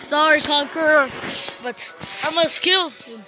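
A young gamer casually commenting on a strategy game she plays, rambling to herself and giving shout-outs to viewers. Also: high voice, measured pace, music in the background, poor audio. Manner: rambling, talks to herself while playing. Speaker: gaming channel host.

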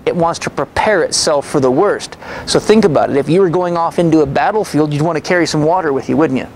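A man giving a lecture, telling a story with confident, animated energy. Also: on the high side, fast, a little hiss or hum, low-quality recording. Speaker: health and fitness lecturer.

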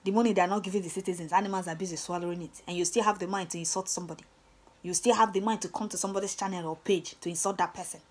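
A woman's voice: fairly low pitch, steady tone, very fast. A young Nigerian woman with a Nigerian accent, hosting her own channel and ranting scornfully, repeating herself with lots of "eh"s and stammered restarts. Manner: scornful, repetitive, stammers with many "eh"s. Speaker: channel host. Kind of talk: ranting commentary vlog.

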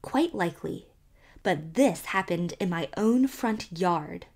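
A woman voicing a sharp-tongued spinster neighbor who relishes scandal and speaks emphatically. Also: lowish voice, expressive, slow pace, creaky, exaggerated voice. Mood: scandalized.

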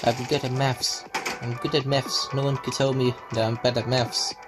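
A man commentating as he plays video games, panicking and yelling out reactions, with self-mocking asides. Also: mid-range voice, flat delivery, normal speed, poor audio. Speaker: gamer. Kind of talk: let's play commentary. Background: game music.

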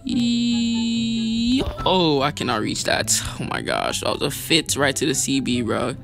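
A young man talks over his football gameplay with a gravelly, bright edge, his pitch leaping all over the place as he hypes his team and teases himself. Light music plays underneath. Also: unhurried. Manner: excitable, hyped, self-mocking. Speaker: gaming video creator. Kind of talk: live gameplay commentary.

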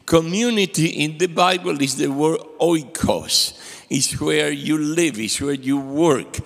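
A man's voice: fairly high pitch, slow, creaky. An older man preaching a sermon as a guest speaker, telling stories and acting out the dialogue in them. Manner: animated storyteller acting out quoted dialogue. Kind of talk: sermon with storytelling. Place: church sanctuary. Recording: long hall reverb.

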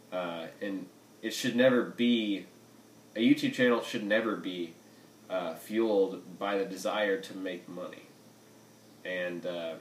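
Low-voiced young man rambling in an echoey room. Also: a little hiss or hum. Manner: rambling, frequent fillers and self-corrections. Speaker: gaming channel host. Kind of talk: rambling casual chat to viewers.

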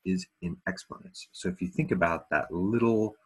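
Math teacher, male, very low and husky, relaxed lesson tone with joking asides. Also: normal speed. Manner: casual, self-deprecating asides. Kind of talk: recorded video lesson.

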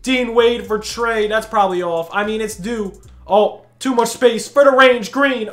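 A man giving live commentary over his own basketball video game play, slangy and hyped, breaking into shouts of disbelief. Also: high-pitched, measured pace. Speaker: gaming YouTuber. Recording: echoey room.

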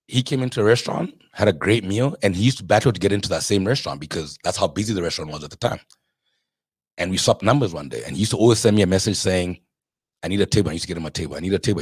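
A man from South Africa, a restaurateur, telling his story in a candid interview, animated and casual, acting out the people he quotes and swearing now and then. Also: sits low, breathy edge, no echo. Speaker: restaurateur guest.

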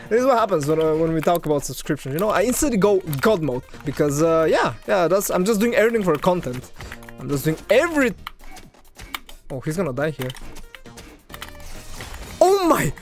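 A man talking viewers through a ranked match with a very animated, bouncing pitch. He flips between excited shouting and quiet muttering under his breath. Faint game music plays behind him. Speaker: gaming streamer. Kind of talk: gameplay commentary.

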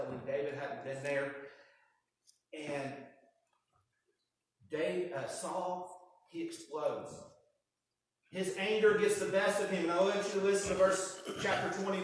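A man preaching a sermon, telling the story with lively acted-out lines. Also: fairly high pitch, a little hiss or hum. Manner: animated storytelling, acting out voices. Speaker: pastor. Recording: echoey hall from far off.

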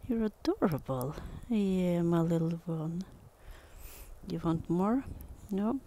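A woman with a Norwegian accent, chatting casually and softly while walking her dog outside in the snow, often close to a whisper, talking fondly to the dog. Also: on the low side, lively intonation, takes it slowly. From Norway. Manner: soft and cooing, often near a whisper, fond baby talk to a dog. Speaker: dog owner vlogger. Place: outdoors in snow and wind. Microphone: phone held while walking.

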